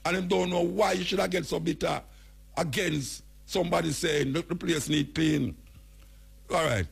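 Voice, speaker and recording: A man's voice: on the high side, normal speed, vocal fry, slightly rough. A man from Jamaica with a Jamaican accent, hosting a radio talk show and speaking bluntly and emphatically while calling out officials by name. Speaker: radio host.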